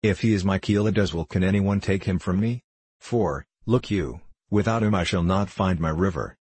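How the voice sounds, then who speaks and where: A man reading the part of a calm, solemn old monk in a storybook. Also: low-pitched, normal speed, slightly rough, no room sound. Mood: serene.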